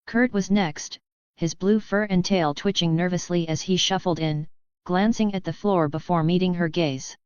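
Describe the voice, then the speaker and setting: A woman narrating an audiobook in an even, measured way. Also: lowish voice, smooth, dry recording. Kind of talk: scripted narration. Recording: dull, dry sound.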